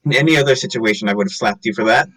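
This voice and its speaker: A man's voice: mid-range voice, very fast, a bit bright, lightly acted, low-quality recording. A man voicing a blunt young woman adventurer in a tabletop game, curt and exasperated.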